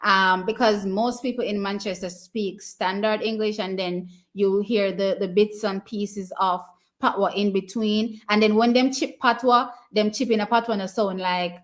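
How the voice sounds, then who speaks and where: A woman's voice: mid-range voice, moderate pace. A Jamaican woman hosting a live stream, casually commenting on races, answering viewers' questions and cheering her team on. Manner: chatty and excitable, cheering teams on. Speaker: live stream watch party host.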